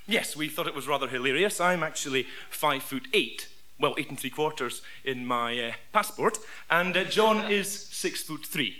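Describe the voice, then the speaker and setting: A Scottish man performing dry, deadpan radio sketch comedy as one half of a double act. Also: on the high side, moderate pace. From Scotland.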